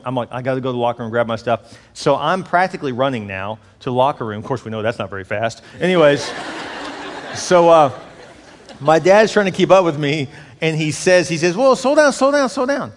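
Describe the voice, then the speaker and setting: A middle-aged man preaching a sermon, telling a story with lively energy and then speaking softly and slowly as he leads a prayer. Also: mid-range voice. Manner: animated storytelling, turning soft and slow for prayer. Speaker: pastor. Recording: long hall reverb with faint music.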